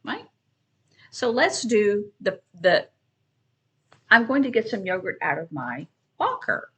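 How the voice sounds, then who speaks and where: A woman teaching sign language, explaining in a casual, conversational way with pauses and restarts. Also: medium pitch, very animated, a bit bright. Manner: conversational, with fillers and restarts, shifting between quick and slow. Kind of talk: casual instructional talk.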